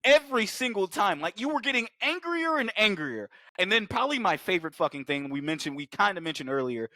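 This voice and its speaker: A man with a high, bright voice that leaps up and down as he talks, swearing freely and putting on voices for the people he quotes. It is a podcast co-host in casual chat, recorded close and dry. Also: fairly quick, no room sound. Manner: excitable, swears a lot, acts out quoted lines.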